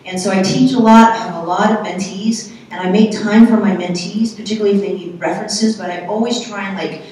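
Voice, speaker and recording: A middle-aged woman speaking on a panel, telling a personal story in a candid, halting, soft-spoken way. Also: medium pitch, fairly even intonation, slight background noise. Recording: echoey hall from far off.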